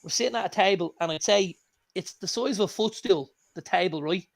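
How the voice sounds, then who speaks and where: An Irish man with a slightly raised, gravelly voice, co-hosting a casual talk show. He tells anecdotes with lots of energy and swears freely. His delivery is loose and conversational. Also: high-pitched, a little fast. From Ireland. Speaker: co-host. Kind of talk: casual chat.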